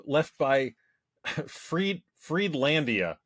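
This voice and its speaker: A man co-hosting a film podcast, chatting casually and laughing often. His voice is a touch high and very lively in pitch. The sound is close and dry. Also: extremely slow, dry recording. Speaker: podcast co-host. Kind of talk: casual chat.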